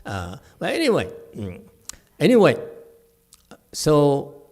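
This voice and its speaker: Animated, high-voiced man giving a Dharma lecture. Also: slow pace. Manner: animated, chuckling asides to the audience. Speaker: Buddhist teacher giving a lecture. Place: temple lecture hall.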